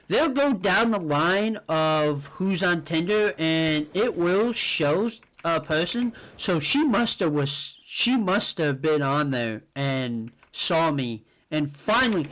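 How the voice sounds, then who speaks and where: A man's voice: high-pitched, a bit bright. A young man venting in a casual, profane rant about dating. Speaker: vlogger. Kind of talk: casual ranting monologue. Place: New Jersey.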